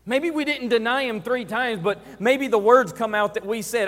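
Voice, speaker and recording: A man's voice: extremely high pitch, moderate pace, a bit bright. A man preaching a sermon who retells scenes dramatically and acts them out. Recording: reverberant church hall.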